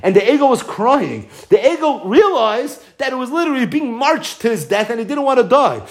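A man giving an animated Talmud lecture, mixing Hebrew and Yiddish terms into English. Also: extremely high pitch, brisk. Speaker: Torah teacher.

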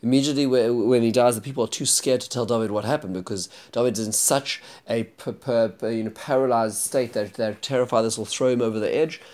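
A man's voice: medium pitch, steady tone, brisk, few pauses, darkish tone. A man teaching a Bible chapter, retelling the story earnestly and explaining it.

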